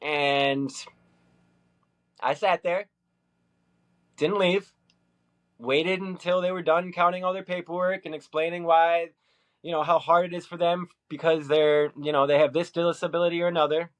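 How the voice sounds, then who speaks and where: Guy from minnesota rambling into a vlog, lots of uhs and restarts, kinda high voice. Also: fairly even intonation, moderate pace, pauses often. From Minnesota, USA. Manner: hesitant, many fillers and restarts. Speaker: vlogger. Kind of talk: rambling personal recounting.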